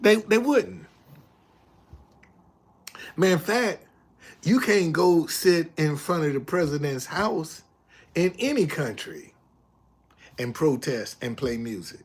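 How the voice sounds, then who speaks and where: Older male streamer, high-pitched, emphatic profane storyteller, lively swings. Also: slow, long pauses, slightly rough. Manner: animated, loud retelling, drops low when reading chat. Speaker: live streamer. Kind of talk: casual live stream talk.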